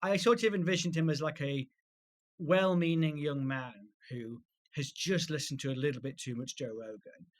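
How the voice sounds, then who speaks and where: A man co-hosting a comedy podcast, telling stories quickly in casual chat and laughing often. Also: a little high. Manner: quick anecdotal storytelling with frequent laughs.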